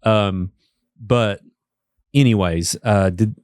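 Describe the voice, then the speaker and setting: Man, Appalachian accent, somewhat low voice, dry close recording, chatty with lots of fillers. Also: takes it slowly, darkish tone, dry recording. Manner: chatty, filler-heavy, emotional asides. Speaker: podcast co-host. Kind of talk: casual podcast conversation.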